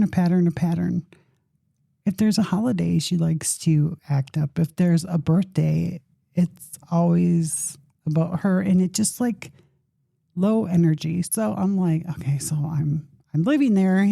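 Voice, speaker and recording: A middle-aged woman with a low, gravelly voice, sharing a personal story as a podcast host. Her tone is very mellow and dark. She talks in a loose, rambling, conversational way and pokes fun at herself. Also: dry recording, clean studio sound. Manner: conversational, rambling, with self-deprecating humor.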